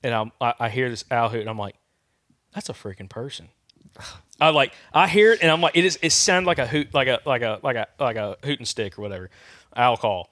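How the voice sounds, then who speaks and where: A man with a Southern American accent tells a hunting story to his co-host, throwing in turkey call sounds as he talks. His voice sits at an ordinary pitch. The studio mic gives a dry, close sound. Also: fairly quick, no echo. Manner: animated storyteller, imitates turkey calls and sounds. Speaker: podcast co-host. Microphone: studio microphone.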